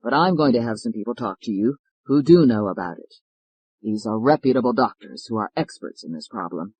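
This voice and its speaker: A hoarse, feverish defense lawyer, voiced by a male audiobook narrator, low and strained yet pressing on. The voice sounds dry and close, with no room around it, and it pitches a little lower than the narration. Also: animated, a little fast, a little mellow, dry recording, poor audio. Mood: earnest.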